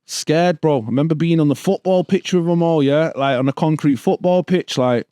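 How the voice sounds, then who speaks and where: Telling stories during a podcast interview, a man in his thirties from Stockport uses a Manchester accent and laid-back street slang, saying "bro" and "do you know what I mean" again and again. His voice is on the high side, warm, clear and resonant, at a moderate pace. There's no echo, and the studio sound is clean.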